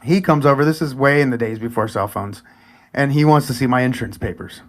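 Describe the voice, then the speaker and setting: A man in his forties telling a personal story live, chatty and animated, sometimes dropping to a near whisper. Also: mid-range voice, brisk. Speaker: storyteller and event host.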